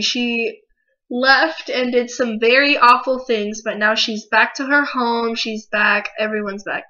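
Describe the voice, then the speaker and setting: A woman reviewing a manga chapter in a casual video, emotional and excitable, swearing freely. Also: on the high side. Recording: dull lo-fi recording.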